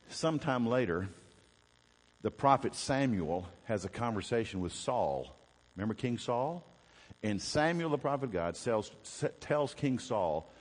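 Low-voiced preacher in a reverberant hall. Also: male voice. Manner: animated storytelling, asks the congregation questions. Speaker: Baptist preacher. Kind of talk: sermon.

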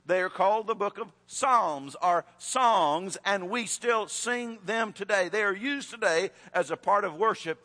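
Preacher man, high bright voice, chatty storytelling sermon, echoey church hall. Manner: storytelling, conversational, with restarts.

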